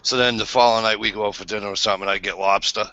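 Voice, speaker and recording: A man's voice: fairly low pitch, fairly even intonation, rapid-fire, sharp tone, dry recording, lo-fi sound. A man telling crude, blunt anecdotes in a casual group chat. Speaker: panelist.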